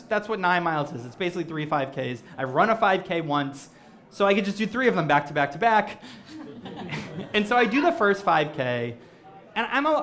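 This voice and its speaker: A man performing stand-up storytelling on stage before a live audience, animated and self-mocking. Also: on the high side. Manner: animated, self-mocking, acts out quoted voices. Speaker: comedic storyteller.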